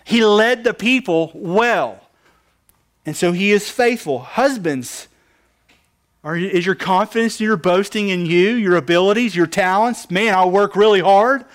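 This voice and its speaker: A man's voice: sits high, animated, measured pace. A man preaching a sermon, asking the congregation questions and answering them with emphasis. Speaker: pastor.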